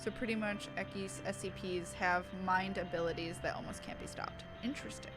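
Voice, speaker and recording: This medium-pitched woman keeps a steady tone and a brisk pace on a poor recording with music behind her. A young adult streamer, she reads aloud theatrically to chat and then chats casually, gushing and swearing freely.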